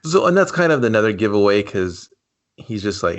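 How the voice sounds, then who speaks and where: A man co-hosting a movie review podcast in casual chat, calmly explaining plot points. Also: fairly low pitch, a little fast.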